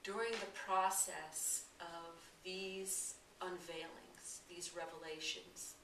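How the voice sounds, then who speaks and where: A woman spiritual teacher telling a parable as a lesson, asking her listeners gentle questions and sometimes dropping to a hush. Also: fairly low pitch. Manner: gentle, questioning, at times hushed. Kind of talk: storytelling lesson. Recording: echoey room, distant mic, noisy.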